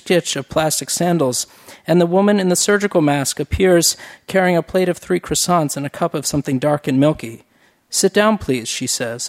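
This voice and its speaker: A man narrating a first-person novel in a measured, wry, reflective reading. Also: a little high, a little mellow. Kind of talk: audiobook narration.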